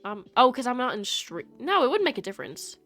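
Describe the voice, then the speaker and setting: A woman's voice: fairly high pitch, very animated, fairly quick, fairly bright tone, faint music behind. A young woman streaming live, chatting casually with her chat and joking and teasing as she goes.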